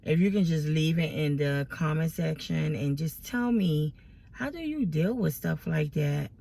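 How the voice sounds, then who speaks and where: Speaking low and a little slowly, this woman has a creaky, dark voice but lively intonation. She's vlogging to her followers, tearfully venting about family drama, exasperated and rambling, restarting again and again.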